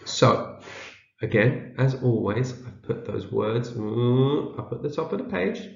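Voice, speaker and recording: In a dull, roomy home video, a teacher carefully reads to young children one word at a time, sounding each out and saying it again so they can repeat it in this patient read-aloud lesson. He has a gravelly, expressive voice of medium pitch.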